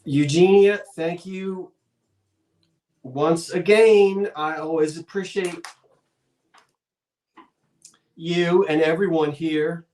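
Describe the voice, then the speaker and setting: A man's voice: a little high, steady tone, slow, pauses often, darkish tone, roomy sound. Chatty man hosting a live sale. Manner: chatty and folksy, rambling asides. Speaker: live online auction seller. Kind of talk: live-streamed sale, casual chat.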